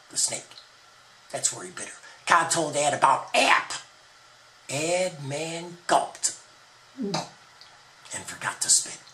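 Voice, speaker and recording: A man's voice: fairly high pitch, bright, forceful tone, far from the mic, rough recording. A man retelling an ancient story as a monologue, with playful wordplay. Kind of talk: retold scripture as a spoken monologue.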